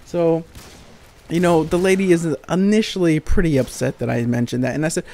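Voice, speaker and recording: A man's voice: fairly high pitch, expressive, brisk, mellow. Young man, gaming commentator, sarcastic, profane, exasperated storytelling, faint background hiss. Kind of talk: ranting storytime over gameplay.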